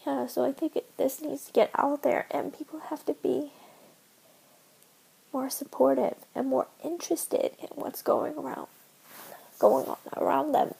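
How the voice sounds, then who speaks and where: A woman in her twenties vlogging to camera in an earnest, emotional way, speaking haltingly and often dropping to a whisper. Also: high-pitched, fairly even intonation, vocal fry, warm tone, poor audio. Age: 20s. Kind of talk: personal vlog, talking to camera.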